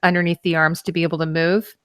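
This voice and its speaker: A woman's voice: fairly low pitch, little pitch movement, fast, smooth, dry recording, studio quality. A woman hosting a live costume show, explaining garments in casual chat with frequent fillers.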